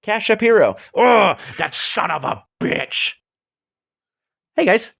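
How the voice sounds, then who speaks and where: A man's voice: high-pitched, lively intonation, slow pace, creaky, a bit bright. A man hosting a livestream, chatting casually in a rambling, self-deprecating way. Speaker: livestream host. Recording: dull lo-fi stream audio.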